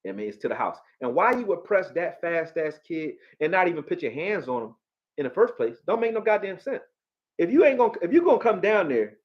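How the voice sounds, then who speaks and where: A man from Philadelphia with a Philly accent, hosting a live football stream, profane and animated, talking back to his chat. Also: on the high side, lo-fi sound. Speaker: sports streamer.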